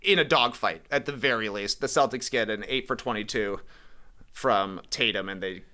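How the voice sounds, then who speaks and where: A man's voice: lowish voice, pushed and bright. An American man co-hosting a sports podcast, casually reviewing games and rattling off statistics. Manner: rattles off stats, quick asides. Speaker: podcast co-host.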